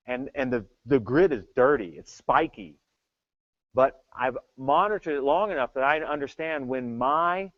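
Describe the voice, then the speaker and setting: Animated, joking male tech speaker. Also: medium pitch, dry recording. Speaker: conference speaker, tech evangelist. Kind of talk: humorous keynote talk. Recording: dull dry lo-fi sound.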